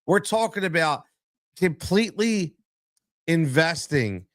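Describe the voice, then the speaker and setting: A man's voice: fairly high pitch, animated, slow pace, fairly bright tone, no room sound, clean studio sound. A man hosting a solo sports podcast as a coach, talking emphatically and repeating his points for stress.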